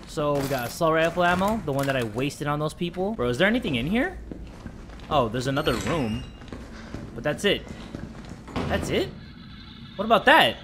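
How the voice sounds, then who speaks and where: A man reacts live to a survival horror game, cracking jokes and yelling when startled. His voice sits high and swings widely. Game noise runs loud behind him. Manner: excitable, jokey, screams at jump scares. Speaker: gaming YouTuber. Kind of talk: let's play commentary.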